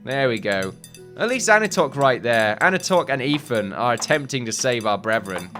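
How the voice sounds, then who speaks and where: Guy muttering through a building game, bright tone, faint music behind. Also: medium pitch, big pitch swings, moderate pace. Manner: thinks aloud, muttering, with sudden loud outbursts. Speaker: gaming video host. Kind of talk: casual gameplay commentary.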